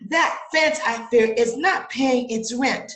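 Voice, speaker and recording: A woman's voice: a little high, takes it slowly, a bit bright. A woman playing a man indignant at a snake in his garden, blustering in theatrical rhyming outbursts, in an audio theater play. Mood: outraged. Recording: roomy echo.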